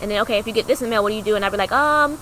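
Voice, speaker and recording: A young woman co-hosting a podcast, telling a personal story in a chatty way, acting out the voices of people in it with big jumps in pitch. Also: rapid-fire, a little hiss or hum, rough recording. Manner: animated, acts out quoted dialogue with big pitch jumps; chatty, heavy use of "like" fillers. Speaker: podcast co-host.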